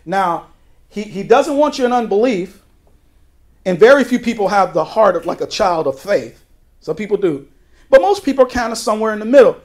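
A male pastor teaching verse by verse through a Bible book, talking conversationally with folksy asides and quick shifts between emphatic and quiet delivery. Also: high voice, lively intonation. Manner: emphatic, with sudden drops to a quiet voice.

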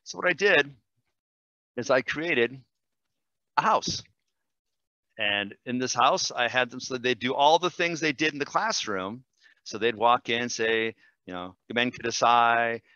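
A man, a language teacher, demonstrating software in a webinar, enthusiastic and quick, with fillers and self-corrections. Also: medium pitch, animated, no echo, highs cut off. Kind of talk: screen-share webinar demo.

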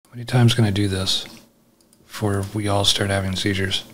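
A man giving casual let's-play commentary, talking to himself, laughing often, swearing and reacting loudly. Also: on the low side, fairly even intonation, a little fast, slight background noise. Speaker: gameplay commentator.

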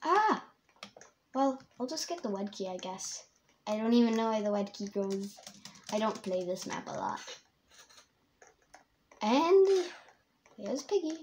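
A woman giving rambling, excitable let's-play commentary as a young YouTuber, laughing often. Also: medium pitch, unhurried, long pauses, slight background noise. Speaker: gamer and YouTuber.

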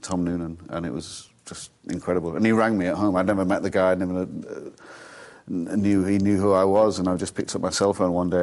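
A man in his forties with a fairly low voice, a guest on a studio talk show. He tells rambling, self-deprecating anecdotes with dry amusement. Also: steady tone, brisk, a little mellow. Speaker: actor guest. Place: television studio.

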